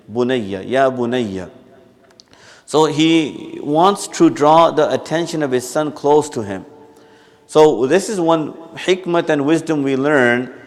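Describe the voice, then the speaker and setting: Male religious teacher, somewhat high pitch, chatty sermon delivery that acts out everyday examples. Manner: conversational, explains with acted examples and repeats himself. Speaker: mufti giving a Friday talk. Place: mosque.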